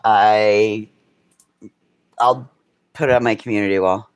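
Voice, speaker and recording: A woman's voice: extremely low pitch, fairly even intonation, takes it slowly, smooth. A woman hosting a casual livestream, chatting and swearing freely and thanking her viewers by name. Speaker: livestream host. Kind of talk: casual chat.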